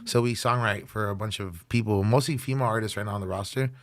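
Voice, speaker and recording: A man in his thirties, a guest musician telling road stories in casual, slangy podcast chat. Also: on the low side. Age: 30s. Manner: slangy, rapid storytelling.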